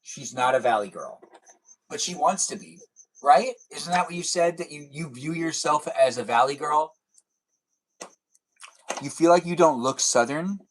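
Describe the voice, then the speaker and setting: A man's voice: a little high, expressive, a little slow, pauses often. Playful man chatting on a live stream. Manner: playful, teasing, rambling. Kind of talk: casual live stream chat reading comments.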